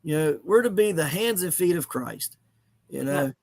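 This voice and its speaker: A middle-aged man tells a moving personal story in an earnest, halting way, full of restarts. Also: on the high side, animated, gravelly, darkish tone. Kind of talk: emotional storytelling in conversation.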